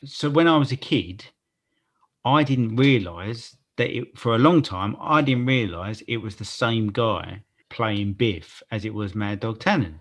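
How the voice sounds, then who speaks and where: A man co-hosting a podcast, chatting casually about a film in a relaxed, rambling way, with casual swearing. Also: on the low side, measured pace. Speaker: podcast co-host.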